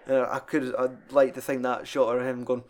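A young man talks through a favorite film in relaxed podcast chat. He swears freely and laughs while retelling scenes. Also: mid-range voice, normal speed, noisy background. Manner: sweary, laughing, quotes film lines in put-on voices.

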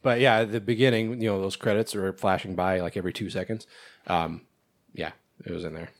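Male co-host, low voice, dry sarcastic asides. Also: steady tone, fairly quick. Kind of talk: casual podcast chat.

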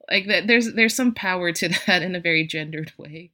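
A woman's voice: on the low side, moderate pace, pushed and bright. A woman hosting a podcast, chatting casually and searching for her words as she goes. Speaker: podcast host. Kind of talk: casual chat.

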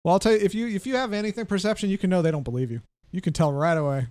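A man narrating as game master of a tabletop game, playful and quick to laugh. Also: sits high, a little mellow.

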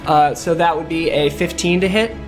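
A man's voice: on the high side, moderate pace. A man narrates his character's fight at a tabletop game, loose and conversational. Faint music sits in the background. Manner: casual, rambling, with fillers. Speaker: player.

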